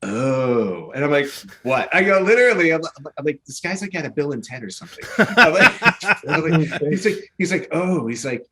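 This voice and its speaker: Male podcast co-host, animated storyteller, slightly higher voice. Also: brisk, few pauses. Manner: animated storyteller acting out phone calls. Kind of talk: casual chat.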